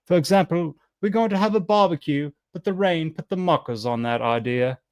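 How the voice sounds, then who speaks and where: A man's voice: fairly high pitch, fairly quick, a little mellow, smooth, no room sound, pitched above the performer's own voice, close to an everyday voice. A man doing a theatrical put-on British accent to read out a definition in an overdone, mock-posh way. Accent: put-on British English.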